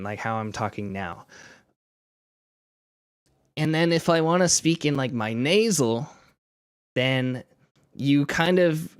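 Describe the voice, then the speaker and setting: A man's voice: medium pitch, smooth, dry recording, studio quality. A man streaming casually while making music, rambling with fillers and laughing at himself. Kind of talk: casual live-stream chat.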